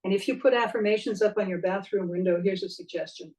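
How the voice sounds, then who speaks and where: A middle-aged woman voice coach giving a spoken lesson, expressive and demonstrating vocal techniques as she talks. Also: mid-range voice, fast talker, recorded from a distance, poor audio.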